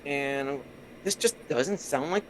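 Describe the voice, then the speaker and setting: A man's voice: fairly high pitch, slow pace, a little hiss or hum, poor audio. A man from Canada with a Canadian accent, a podcast guest chatting casually and rambling easily through his stories over a remote call mic. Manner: easygoing, rambling storyteller. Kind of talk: casual interview chat.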